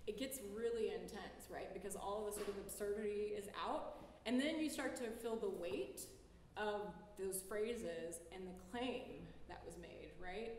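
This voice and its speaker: A woman's voice: mid-range voice, measured pace, a little mellow, a little hiss or hum. A woman artist giving a casual public talk in a lecture hall, loose and chatty, peppering her speech with "like" and laughing easily.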